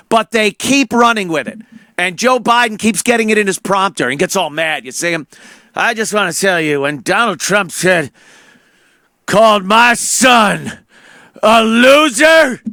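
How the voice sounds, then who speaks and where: A man's voice: on the high side, pushed and bright, dry recording. A man hosting a talk show, delivering a heated, profane political rant full of stammered repeats into a studio mic.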